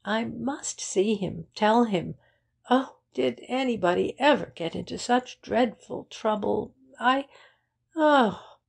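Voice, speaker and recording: A woman's voice: mid-range voice, measured pace, vocal fry, a little mellow, breathy edge, pitched above the performer's own voice, heavily acted. A woman voicing a distraught young aristocratic woman who pleads in breathless outbursts. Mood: frantic.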